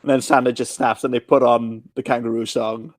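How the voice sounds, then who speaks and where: A man co-hosting a podcast, casually recapping a film and acting out its scenes in quick voices. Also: mid-range voice, flat delivery. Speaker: podcast co-host. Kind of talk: casual movie recap chat.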